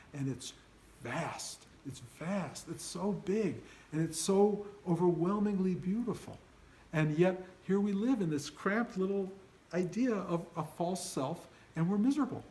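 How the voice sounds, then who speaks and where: A man's voice: a little high, mellow, a little hiss or hum, low-quality recording. An older man giving an informal spiritual talk to his students, earnest and emphatic, often acting out their inner voices. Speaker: spiritual teacher.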